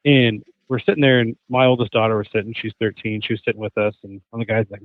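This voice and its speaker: A man's voice: fairly low pitch, fast, no room sound. A man in his thirties, a hunter and chef guest on a podcast, telling stories animatedly and acting out what others said. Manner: animated storyteller, acts out quotes. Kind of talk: casual podcast chat. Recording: tinny phone-like remote line.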